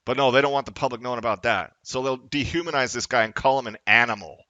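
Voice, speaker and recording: Angry man ranting, bright and dry. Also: medium pitch, fast talker, dry recording, highs cut off. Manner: angry, profane, rising to shouts. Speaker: vlogger. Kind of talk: confrontational political rant.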